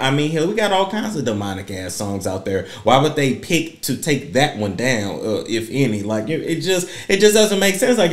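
A man hosting a celebrity gossip vlog, ranting bluntly and profanely in a preachy way. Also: medium pitch. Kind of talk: ranting commentary. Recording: roomy echo.

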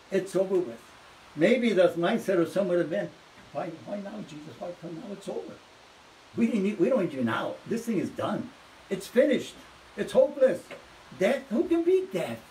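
A man preaching a sermon as pastor, swinging from hushed storytelling to loud, fervent exhortation. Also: sits high, far from the mic, a little hiss or hum, low-quality recording.

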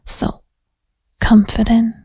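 A woman voicing a flirty, menacing female detective in whispered role-play, with a hoarse sick voice and a New York–New Jersey-ish accent. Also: takes it slowly, warm tone, no room sound, natural voice. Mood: coaxing. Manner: coaxing, teasing threats.

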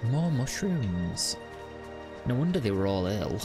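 A man's voice: mid-range voice, sing-song, slow, over music. A man giving casual, wry let's-play commentary and chatting to the game. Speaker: gaming video host.

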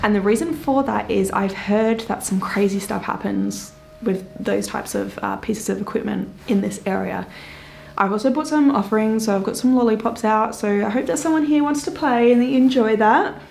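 A woman vlogging from inside an old building, chatting in hushed tones and speaking directly to spirits. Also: a little high, normal speed, creaky, slight background noise. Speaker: ghost-hunting vlogger. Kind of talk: casual vlog narration. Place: inside an old hospital room.

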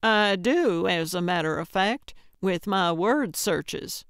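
A woman's voice: lowish voice, lively intonation, slow, a bit bright, clean tone, no room sound, clean studio sound, exaggerated voice. A woman playing a perky old lady sleuth. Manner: perky, cheeky. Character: chipper older woman amateur sleuth.

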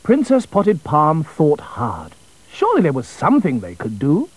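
A man narrating a children's storybook in an expressive, melodic way. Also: on the high side, moderate pace, slightly rough, no echo, rough recording.

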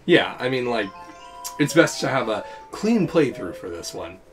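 Young male let's player, bouncy lively pitch, giggles often, faint game music behind. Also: unhurried. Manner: giggly, animated, lots of fillers. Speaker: let's play host. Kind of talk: casual let's play commentary.

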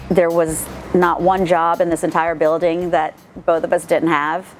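Slow, wistful widow remembering. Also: female voice, fairly low pitch, flat delivery, music in the background. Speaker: comedian's widow. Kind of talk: interview reminiscence.

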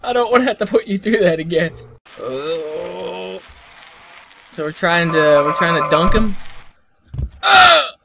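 A young man giving excited let's-play commentary, yelping, shouting, laughing and swearing as he plays. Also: sits high, unhurried, creaky, heavy background noise. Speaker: gaming YouTuber.

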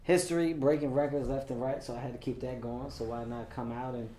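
A man's voice: mid-range voice, fairly even intonation, a little fast, warm tone. A man with an American accent, a comedian being interviewed, who answers confidently and laughs easily. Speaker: comedian guest. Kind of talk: promotional interview. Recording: echoey room with faint noise.

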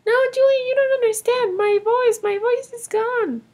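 An anxious little girl with a very high voice. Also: fairly even intonation, moderate pace, a little mellow. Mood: worried. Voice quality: high, childlike. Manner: worried and pleading. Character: little girl who has lost her voice. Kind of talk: toy film voice acting.

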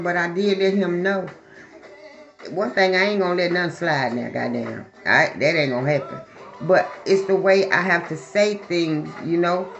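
A female psychic reader with a fairly low voice chats casually with her viewers before doing a reading, talking bluntly and swearing freely. The audio is dull.

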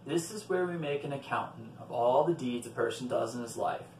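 A man's voice: medium pitch, a little fast, darkish tone, a little hiss or hum, pitched below the performer's own voice, close to an everyday voice. A man doing stern old Saint Peter. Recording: roomy, from a distant mic.

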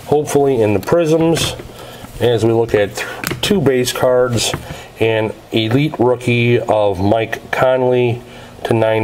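A man's voice: on the low side, background noise. A man casually narrating as he opens packs of trading cards, reading out each card's details in a methodical way. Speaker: card break host.

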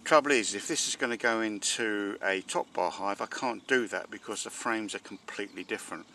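A man, a beekeeper chatting casually as he works a hive outdoors and talks to his bees, breaking into excited exclamations. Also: lowish voice, a little fast, a little hiss or hum. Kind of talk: casual narration while working a hive. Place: outdoors at a beehive. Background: buzzing bees.

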